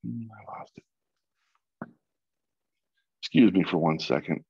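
Man, low voice, halting presentation, lots of ums, dry dull video-call sound. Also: a little mellow, breathy edge, dry recording. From Michigan. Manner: halting, many fillers and restarts. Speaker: guest speaker. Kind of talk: informal presentation.

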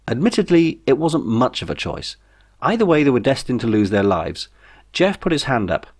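A man's voice: on the low side, very animated, normal speed. A man reading his own novel aloud as audiobook narration, with wry storytelling.

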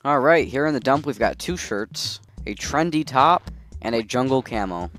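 A relaxed man of middle pitch talks through a game he is playing. He muses out loud and reacts as things happen. The tone stays easy and chatty. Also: normal speed, faint music behind. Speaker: gaming video host. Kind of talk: casual gameplay commentary.

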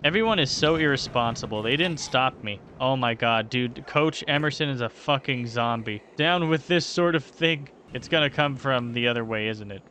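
A man's voice: mid-range voice, moderate pace, hardly any pauses, bright, forceful tone, a little hiss or hum. A young man giving casual, joking let's-play commentary on a video game, swearing freely as he reacts to what happens on screen. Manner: profane, joking running commentary. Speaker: gaming YouTuber.

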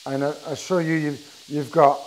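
A middle-aged chef with a French accent gives a chatty live cooking demo in a kitchen, explaining step by step and restarting often. His fairly high voice is flat and at normal speed, over frying sizzle, and the rough recording has a little hiss or hum.

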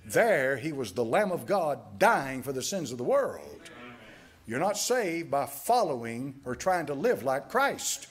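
A man's voice: mid-range voice, big pitch swings, unhurried. A man preaching a Bible-teaching sermon as a pastor, reading scripture aloud in King James wording with emphatic delivery. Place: church sanctuary, Sunday school class.

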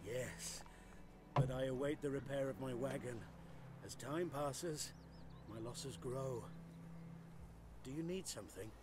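An actor playing a humble, worried wagon merchant in a video game, speaking politely and deferentially. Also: male voice, mid-range voice, slow, pauses often, close to an everyday voice. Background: loud game music.

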